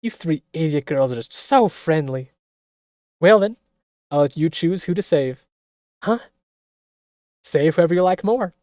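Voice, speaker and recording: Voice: medium pitch, expressive, unhurried, pauses often, mellow, dry recording, clean studio sound, lightly acted. A streamer voicing a gleeful, cruel death-game ringmaster in a video game, in a mocking tone. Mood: taunting. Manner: mocking, taunting.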